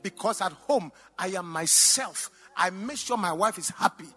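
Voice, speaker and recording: A man, a pastor and doctor, preaching a sermon with personal stories, swinging between loud exclamations and quiet asides, in a church hall. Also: high-pitched, animated, moderate pace, slightly rough. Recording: long reverb in a large hall.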